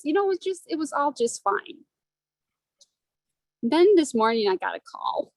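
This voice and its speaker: A woman's voice: high-pitched, very animated, unhurried, pauses often, darkish tone, no room sound, low-quality recording. Earnest woman near tears, dry sound. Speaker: study group member. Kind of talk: emotional personal sharing on a video call. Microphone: video call.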